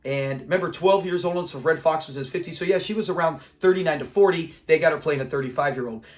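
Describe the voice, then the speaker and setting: A man hosting a casual review of a sitcom episode, retelling scenes in an animated way, quoting characters and laughing often. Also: a little high, fast.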